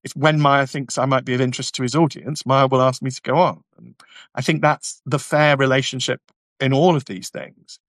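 Reading out viewer comments on a casual livestream, this YouTube host replies bluntly and adds sardonic remarks. His mid-range voice is a bit bright, fairly quick, and fairly even in intonation, recorded with no room sound.

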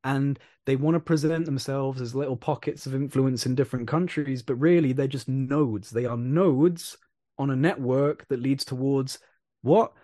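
A man in casual conversation, talking in an animated, rambling way and repeating phrases for emphasis. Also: medium pitch, normal speed, dry recording, studio quality. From England.

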